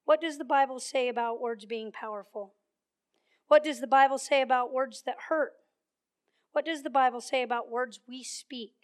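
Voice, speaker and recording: A woman's voice: high-pitched, moderate pace. A woman preaching a sermon, telling stories and repeating words for emphasis. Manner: storytelling, emphatic repetition.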